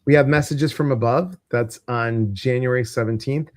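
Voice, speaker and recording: A man's voice: mid-range voice, moderate pace, a little mellow, no room sound, studio quality. A man with a Midwestern American accent hosting a casual live stream, chatty and rambling, with plenty of ums and uhs. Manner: chatty, rambling, many fillers. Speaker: host.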